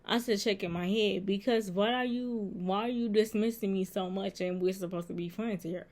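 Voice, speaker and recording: At home indoors with a laptop nearby, a woman vlogs a casual storytime in a slightly mellow, mid-range voice at a moderate pace. She retells a text-message exchange line by line, switching between what he said and what she said.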